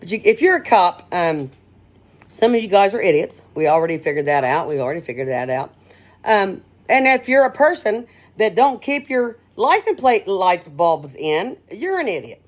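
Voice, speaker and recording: A middle-aged woman talks off the cuff in a casual monologue. She is blunt and outspoken, and she rambles from point to point, calling her listeners honey and man. She speaks at an ordinary pitch into her own device's mic, with no headset. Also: sing-song, moderate pace. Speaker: host.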